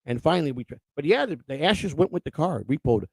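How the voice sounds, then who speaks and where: A man tells a long personal story in a casual, rambling way, swearing freely and laughing at himself. His voice is gravelly and fairly high, swinging widely up and down. The sound is dry and close, with no room around it. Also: expressive, fast, dry recording. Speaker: show host telling a personal story.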